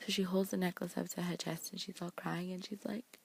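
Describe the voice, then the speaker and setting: Gravelly, husky woman recapping fast. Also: lowish voice. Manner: fast, slangy, animated retelling, paraphrasing characters' lines. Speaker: TV episode recapper. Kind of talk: casual recap vlog.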